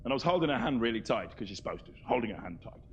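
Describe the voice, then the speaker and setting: Lively comedian on stage. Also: male voice, medium pitch, rapid-fire, a little hiss or hum. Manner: animated, acts out voices, cheeky. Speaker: stand-up comedian. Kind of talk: live stand-up comedy. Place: large theatre stage. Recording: roomy lo-fi VHS stage recording.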